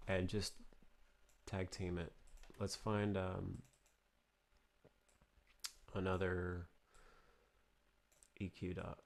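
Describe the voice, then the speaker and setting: A man's voice: deep voice, level tone, creaky. A man giving a casual home studio tutorial, thinking aloud and restarting sentences as he works. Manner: thinking aloud, halting with restarts while working. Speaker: music production tutor. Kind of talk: casual screen-recorded tutorial.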